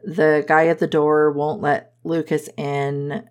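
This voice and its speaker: Speaking slowly in a low, level, slightly mellow voice, a woman retells the plot of a romance novel for a review. She's relaxed about it, laughing frequently and teasingly quoting the characters.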